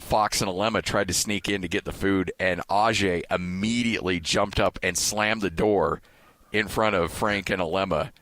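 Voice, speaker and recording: A man hosting a sports podcast who tells stories animatedly in casual chat and jumps up loud when he acts out quotes. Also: fairly low pitch, no echo. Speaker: sports radio broadcaster and podcast host.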